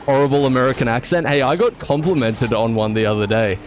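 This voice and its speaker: A young man streaming a video game live, commenting in an excitable, jokey and self-mocking way. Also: medium pitch, fast talker, a little hiss or hum.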